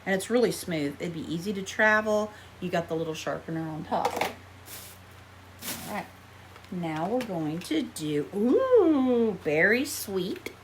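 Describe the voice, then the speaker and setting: Against a noisy background, a woman with a lowish, unhurried voice talks through a makeup haul. The American vlogger is chatty, wanders off on tangents, and keeps making self-deprecating jokes.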